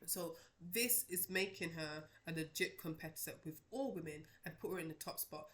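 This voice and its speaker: Woman, wrestling commentator, casual monologue, emphatic, lowish voice, roomy echo. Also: moderate pace. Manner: animated, emphatic, talks straight to viewers.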